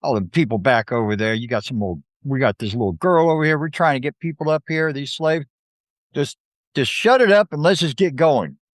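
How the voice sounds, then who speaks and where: A man playing in a tabletop game, drawling and rough-spoken while talking in character. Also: fairly high pitch, animated, a little fast, no echo, clean studio sound. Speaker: player.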